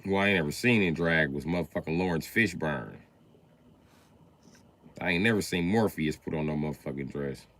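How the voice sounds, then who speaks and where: A man hosting a livestream, riffing in an animated, profane comedic rant with sudden jumps in pitch. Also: normal speed, pauses often. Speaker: livestream host.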